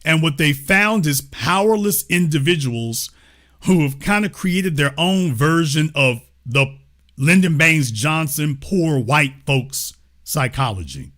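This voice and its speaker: A man's voice: fairly high pitch, animated, takes it slowly, a bit bright. A man hosting a livestream political commentary show, talking in a mocking, sarcastic way. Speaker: show host.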